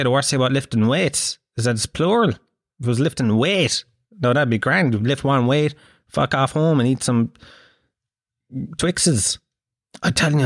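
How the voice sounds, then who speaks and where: An Irish man telling a comic, rambling monologue, animated and swearing freely as he asks the listener questions. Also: mid-range voice, no room sound, clean studio sound. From Ireland. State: occasional cough.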